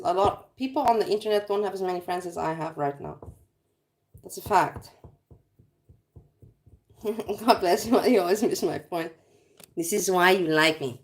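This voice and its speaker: A woman hosting a casual livestream, rambling and teasing her viewers with self-mocking jokes. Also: mid-range voice. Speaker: livestream host.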